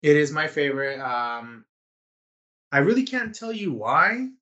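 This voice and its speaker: A man co-hosting a casual podcast, talking in a relaxed, rambling way with lots of fillers. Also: on the high side, a little slow, lo-fi sound. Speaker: podcast co-host. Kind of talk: casual chat.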